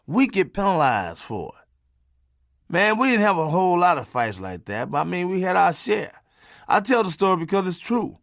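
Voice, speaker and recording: Animated, profane male storyteller. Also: moderate pace, creaky, no room sound, clean studio sound. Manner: animated, profane, swings from loud to low asides. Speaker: comedian telling his own story. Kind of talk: comic storytelling.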